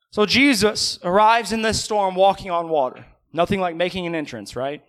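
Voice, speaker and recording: High, bright-voiced preacher man. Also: moderate pace, hardly any pauses. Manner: conversational, asks the congregation questions, joking asides. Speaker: pastor. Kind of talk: sermon. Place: church.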